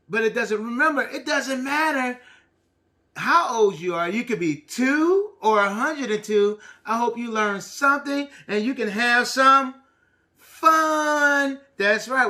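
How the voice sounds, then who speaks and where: A man leads a preschool class in call and response, and his delivery is animated and sing-song. He speaks slowly, with a bright, forceful voice. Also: very high voice. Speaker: teacher. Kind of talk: early-childhood lesson, call and response.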